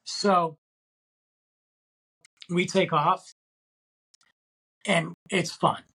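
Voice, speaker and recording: A man's voice: sits high, steady tone, drawn-out words, bright, forceful tone, husky, poor audio. A middle-aged man hosting a casual solo podcast, telling a story in a rambling way with lots of fillers. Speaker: podcast host.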